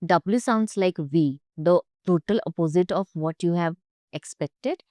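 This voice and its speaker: A woman's voice: fairly low pitch, unhurried, a little mellow, no room sound. A young woman teaching German pronunciation, speaking carefully and repeating each sound for learners. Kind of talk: pronunciation lesson.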